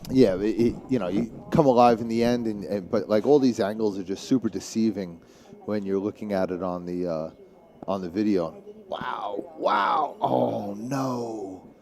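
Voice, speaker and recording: Man, thick New York City accent, mellow voice, chatty and rambling, casual pool commentary. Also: fairly low pitch, brisk. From Staten Island, New York City. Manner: chatty, rambling, with many restarts. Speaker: guest commentator.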